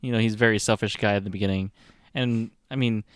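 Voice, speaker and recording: A man's voice: on the low side, steady tone, quick pace, clear, resonant tone, no room sound, clean studio sound. A young man co-hosting a casual movie review chat, agreeable, chiming in often and laughing along. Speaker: podcast co-host.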